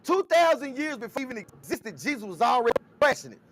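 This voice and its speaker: A man co-hosting a casual talk show, retelling scripture scenes in an animated, storytelling way. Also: very high voice, fast talker, a crowd in the background. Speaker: co-host.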